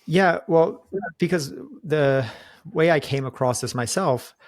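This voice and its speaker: A man hosting a podcast and working as a coach, explaining his ideas in a steady, conversational way. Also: fairly high pitch, slow, no room sound. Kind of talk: casual conversation.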